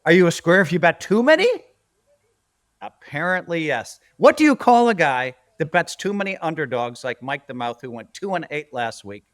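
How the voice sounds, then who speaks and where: A man's voice: a little high, big pitch swings, normal speed, no echo, studio quality. A man hosting a casual sports podcast, ranting emphatically and bantering with his co-hosts. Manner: emphatic, bantering, rant-style delivery. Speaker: podcast host.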